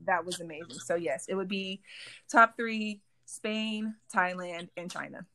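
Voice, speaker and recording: A woman hosting a podcast in casual chat, telling lively stories and laughing often. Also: on the low side, measured pace, no room sound, studio quality. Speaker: podcast host.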